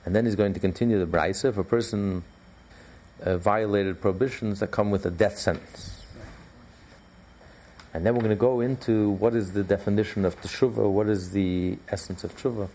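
A man's voice: lowish voice, fairly even intonation, fairly quick, mellow, slight background noise. A man teaching a religious class in an emphatic, repetitive, conversational way, with many fillers.

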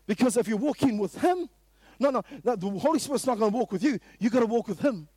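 Kiwi guy preaching a sermon, pretty high voice, asks the same question again and again, dead dry sound. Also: animated, quick pace, slightly rough, no echo. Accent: New Zealand. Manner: emphatic, preaches in repeated rhetorical questions, rises to sudden loud bursts. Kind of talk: sermon at a morning prayer meeting.

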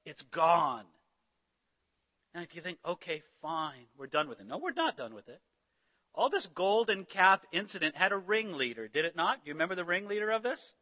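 Male pastor, high voice, lively sermon delivery with dramatized quotes. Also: long reverb tail. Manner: animated preaching, acting out biblical voices.

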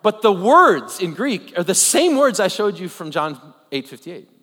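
Pastor, male, somewhat high-voiced; casual sermon full of asides and questions; reverberant hall recording. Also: unhurried. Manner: animated, with joking asides and rhetorical questions. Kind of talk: conversational sermon. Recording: long reverb of a large hall.

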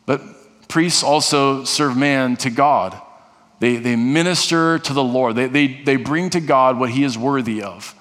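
A man's mid-range, slightly bright voice delivers an unhurried sermon. He is a pastor speaking earnestly in a church sanctuary, often starting over and repeating phrases, with a large hall's long reverb around him.

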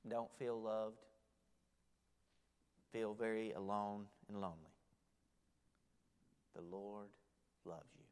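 A male pastor preaching a sermon to a church congregation, swinging dramatically between loud exclamations and hushed near-whispers. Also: fairly low pitch, steady tone, slow, pauses often, clear, resonant tone. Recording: long hall reverb.

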